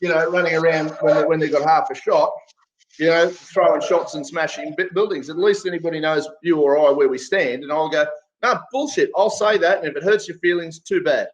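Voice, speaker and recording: A man's voice: on the high side, steady tone, brisk. An irate Australian man ranting and swearing in casual talk. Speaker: guest commentator. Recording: muffled lo-fi audio.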